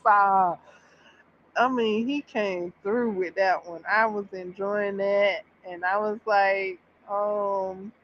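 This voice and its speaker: A woman chatting casually on a livestream, reacting with bursts of excitement and drawn-out exclamations. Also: medium pitch. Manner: animated, exclaiming, drawn-out repeats. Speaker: streamer reacting to a series. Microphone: streaming mic. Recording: slightly dull audio with faint background noise.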